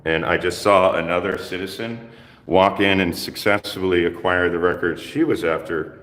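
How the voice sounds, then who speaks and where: A deep-voiced man makes a confrontational records request, stumbling over fillers as he talks. His voice rings with long reverb from a hard lobby. It is picked up by a camera mic in an echoey hall. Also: fairly even intonation, fairly bright tone. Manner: halting, full of fillers. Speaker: self-styled press auditor. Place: police station lobby.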